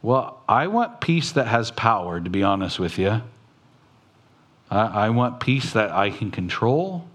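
A man preaching a sermon in an unhurried, measured way. His voice sits on the low side. He quotes scripture and then talks plainly to his listeners, with his voice lifting now and then. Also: big pitch swings, fairly bright tone. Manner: preaching slowly, quoting scripture, with sudden rises in pitch. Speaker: pastor.

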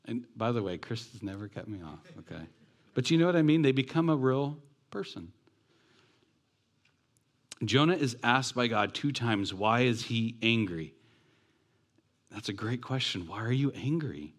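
A man's voice: medium pitch, expressive, moderate pace. A man preaching a sermon as pastor, talking in a conversational way with rhetorical questions and joking asides.

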